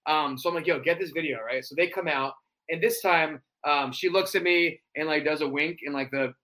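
A young man telling stories in a casual chat, animated and quick to slip into wrestler impressions. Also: a little high. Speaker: cosplayer guest.

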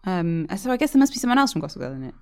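A woman's voice: mid-range voice, very animated, very fast, smooth. A woman co-hosting a podcast, chatting casually and reading out listener emails. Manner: chatty, frequent "like" and "um" fillers. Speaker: podcast co-host.

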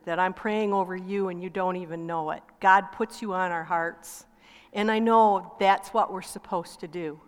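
A woman's voice: mid-range voice, fairly bright tone, smooth. A middle-aged woman co-pastor sharing a testimony in a sermon, telling stories and acting out quoted talk. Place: church sanctuary. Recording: long reverb of a large hall.

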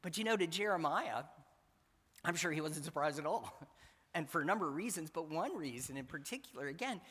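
A man's voice: a little high, expressive, a little fast, fairly bright tone, breathy edge. A man preaching a sermon in an earnest, emphatic way, repeating his key phrases. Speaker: pastor. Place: church sanctuary. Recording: church hall reverb.

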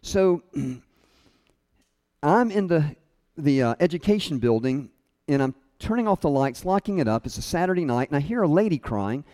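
A middle-aged man giving a storytelling sermon, self-deprecating and funny, chuckling often and dropping his voice soft and low at tender moments. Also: lively intonation, moderate pace. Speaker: speaker at a college chapel.

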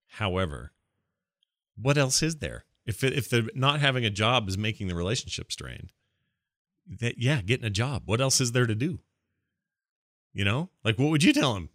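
Bright, animated male podcast host. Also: lowish voice, dry recording, studio quality. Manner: animated, playful, rambling. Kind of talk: casual podcast chat.

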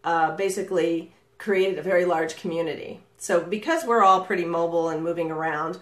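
Energetic middle-aged woman coach, roomy sound. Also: lowish voice, brisk. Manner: lively inflection, energetic, laughs often. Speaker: real estate marketing coach. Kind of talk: live coaching session. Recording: roomy echo.

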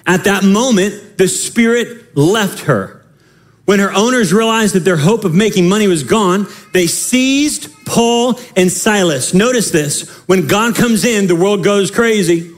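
A male pastor preaching a sermon in an animated, emphatic way, often repeating phrases. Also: high voice, measured pace.

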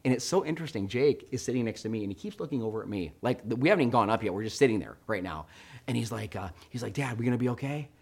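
A middle-aged man preaching a sermon, telling a story with animated swings between hushed and loud delivery. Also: on the low side, racing, gravelly, husky. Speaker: pastor.

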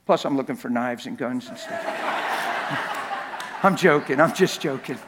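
A man preaching a sermon with emphatic repetition, joking with the congregation and building to shouts. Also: mid-range voice, takes it slowly, heavy background noise. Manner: emphatic, repeats words for effect, rises to shouting at climaxes; jokes with the crowd. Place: church hall. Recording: long reverb in a big church hall.

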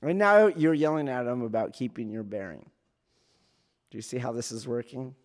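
A man, a police academy instructor, explaining training in a casual teaching talk, checking in often with his listeners and acting out loud shouts. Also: medium pitch, normal speed. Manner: keeps checking in with "do you see?"; acts out trainees and yelling officers in sudden loud bursts.

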